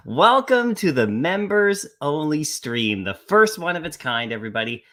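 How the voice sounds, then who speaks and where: A man's voice: on the high side, big pitch swings, normal speed, fairly bright tone. A man hosting a casual live stream. He talks in an upbeat way and greets viewers one by one by name.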